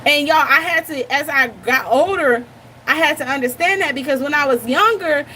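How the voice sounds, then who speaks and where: High-pitched young woman ranting to her viewers, blunt and animated, bit of background noise. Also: normal speed. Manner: blunt, animated, talks straight to the audience. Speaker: reaction channel host. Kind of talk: casual commentary to viewers.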